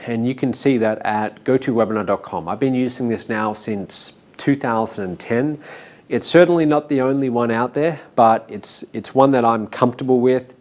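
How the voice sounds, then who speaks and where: A man teaching an online masterclass, explaining steps plainly with some fillers. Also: medium pitch. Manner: explanatory, steady, with frequent fillers. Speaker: course instructor. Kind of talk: webinar teaching.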